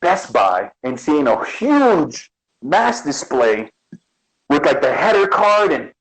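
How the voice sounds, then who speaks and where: A man with a fairly high pitch speaks slowly over poor audio. Hailing from the Bronx, New York, he's a guest artist chatting casually in an interview, an animated storyteller who acts out quotes.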